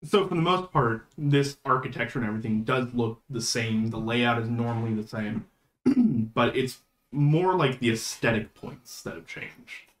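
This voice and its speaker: A man running a tabletop game as game master, describing scenes in a relaxed, casual way with lots of fillers. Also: medium pitch, normal speed. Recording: roomy echo.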